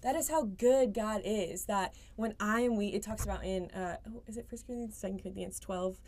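A woman's voice: mid-range voice, fairly quick, darkish tone. A young adult woman, a podcast guest, speaking earnestly in casual faith conversation and often saying "like". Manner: earnest, lots of "like" fillers.

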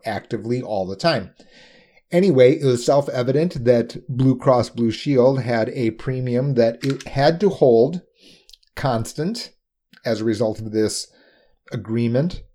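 A man explaining insurance pricing in a quick, emphatic talk, often tossing in rhetorical "right?" asides. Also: mid-range voice, warm tone.

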